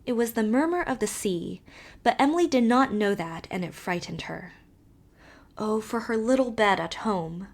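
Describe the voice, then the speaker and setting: Reading a classic novel aloud, this female audiobook narrator delivers scripted narration that is measured and expressive. Her voice has a medium pitch.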